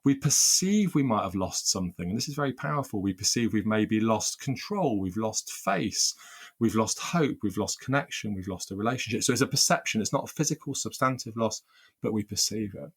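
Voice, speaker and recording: A man's voice: fairly low pitch, animated, brisk, husky. A man working as a workplace mediator, answering interview questions earnestly, often repeating words as he restarts and building lists of phrases.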